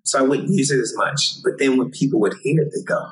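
Man telling stories, lively, laughs a lot, mid pitch, recorded from a distance. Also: fast talker. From Los Angeles. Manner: animated, acts out quotes, laughs often. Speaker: singer, guest. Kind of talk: storytelling interview.

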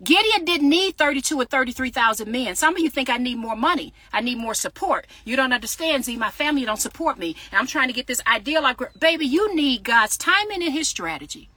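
A woman's voice: sits high, expressive, a little fast, hardly any pauses, bright, forceful tone. A woman podcaster and author preaching in a casual livestream from her parked car, talking straight to her viewers with fervor and reading out their comments. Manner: fervent, talks straight to viewers, reads out comments. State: sweating in a hot car. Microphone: phone livestream.

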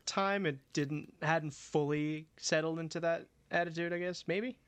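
A man's voice: fairly high pitch, steady tone, measured pace, a bit bright, clear, resonant tone, no room sound. A teenage young man co-hosting a podcast, chiming in with casual, profane remarks. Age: teens. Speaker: podcast co-host. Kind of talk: casual chat.

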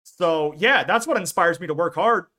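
A man's voice: sits high, expressive, moderate pace, bright, forceful tone. A young American man co-hosting a casual podcast, chatting in a laid-back, rambling way and laughing often. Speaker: podcast co-host. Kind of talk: casual chat.

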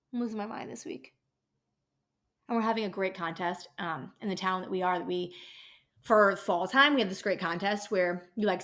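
A woman's voice: fairly low pitch, fairly bright tone. A woman working in a dental office, venting about patients in a casual, profane rant on her own podcast. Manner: exasperated, profane ranting.

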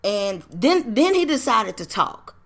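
A woman podcast host tells a true story from her life in an easy, street-smart way. Her talk is salty and full of asides and rhetorical questions. Her pitch rises and falls constantly as she talks. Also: a little slow. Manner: animated, slangy and profane, rhetorical questions. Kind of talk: casual personal storytelling.

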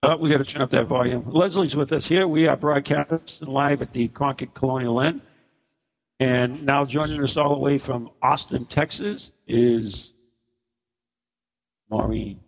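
Gravelly male radio host in a hall. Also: mid-range voice, measured pace. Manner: rambling, self-correcting. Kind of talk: casual on-air chat. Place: inn function room at a live broadcast.

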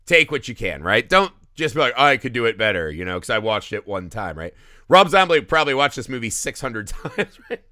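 A man's voice: mid-range voice, fairly quick, dry recording, studio quality. A man hosting a podcast, talking casually and animatedly about a horror film, often tagging his points with "right?". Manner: animated, tags lines with "right?". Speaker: podcast host.

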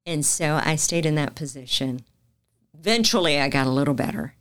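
A woman's voice: low voice, animated, a little fast. A middle-aged woman with a Southern accent, a news anchor telling her career story as a guest in a casual interview, acting out the lines she quotes. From Macon, Georgia.

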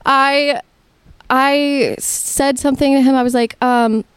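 A young woman on a headset, telling a rambling story on a podcast with a higher-pitched voice. She laughs mid-sentence and swears casually. The sound is close and dry, with no room echo. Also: fairly even intonation, slow pace. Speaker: podcast co-host.

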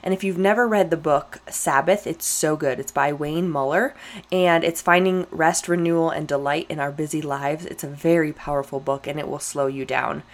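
A young woman talking on her own podcast in a loose, candid way, turning to her listeners often and leaning hard on her points. Her voice sits a little low for a woman. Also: steady tone, moderate pace. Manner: candid, emphatic, talks straight to listeners. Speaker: podcast host. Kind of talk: casual solo podcast talk.

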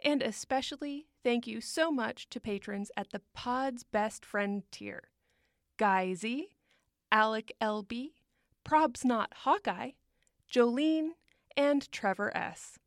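Podcast host lady reading off patron names, slowish, kinda high, dry close sound. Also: no echo. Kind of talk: scripted read.

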